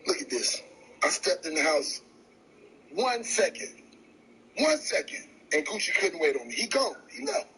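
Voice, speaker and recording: A man vlogging in a loud, scolding, comedic way, out of breath. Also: a little high, sing-song, measured pace, pauses often, slightly rough, rough recording. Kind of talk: casual vlog narration.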